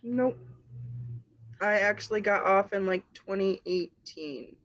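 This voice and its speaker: A young woman with a cold and slightly congested, a streamer guest chatting casually and quickly. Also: medium pitch, lo-fi sound. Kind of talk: casual interview chat.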